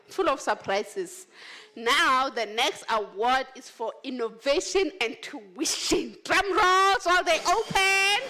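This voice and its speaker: A woman's voice: high-pitched, expressive, slow. A woman hosting an awards ceremony, announcing winners with exuberant, teasing energy. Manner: exuberant, teasing, cheering with shouts. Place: large function hall.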